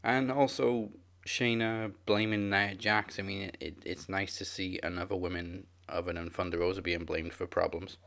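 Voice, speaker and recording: A man's voice: sits low, level tone, moderate pace, vocal fry, hardly any pauses, fairly bright tone. A man co-hosting a casual wrestling podcast, dry and blunt. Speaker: podcast co-host.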